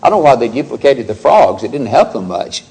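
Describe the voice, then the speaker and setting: A man's voice: mid-range voice, very animated, a little fast, gravelly, a little mellow, breathy edge, poor audio. A man preaching an expository sermon, reading scripture aloud and pressing his points with rhetorical questions.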